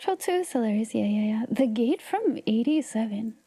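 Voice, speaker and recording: A woman's voice: on the high side, lively intonation, moderate pace, dark tone, husky, no room sound. A woman hosting a livestream, chatting casually and playfully with viewers, often giggling and sometimes dropping to a whisper. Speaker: livestream host.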